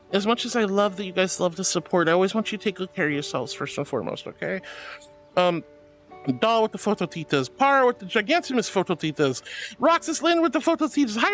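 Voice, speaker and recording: Indoors at her VR streaming setup, a VTuber talks casually on a livestream, reading chat and thanking viewers with gushing, cutesy words. She speaks fairly quickly at a medium pitch with lively intonation while faint music plays behind.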